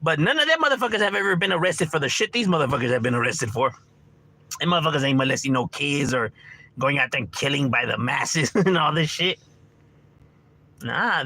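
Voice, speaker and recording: Slangy, bright-voiced streamer man from Los Angeles. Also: on the high side, dry recording. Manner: laid-back, slangy, drops Spanish words, laughs often. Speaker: livestream host chatting with strangers. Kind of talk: casual profane chat.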